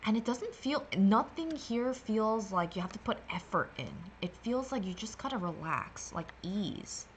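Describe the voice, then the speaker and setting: A woman's voice: mid-range voice, expressive, a little slow, hardly any pauses, slight background noise. A woman hosting a meditation livestream, talking casually and sassily through a card reading, rambling with playful filler sounds.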